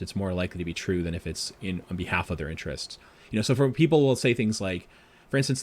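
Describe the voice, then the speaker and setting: A man with a low voice who talks very fast, answering interview questions as a professor. He explains in animated bursts, piling on quick asides and examples. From Boston area. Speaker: guest, professor.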